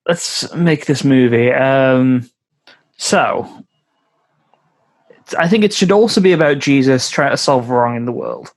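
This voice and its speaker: Guy cohosting, mid voice, lots of ums, playful and chill. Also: medium pitch. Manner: playful, many "um" pauses, quick laughs. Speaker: podcast co-host. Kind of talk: casual chat.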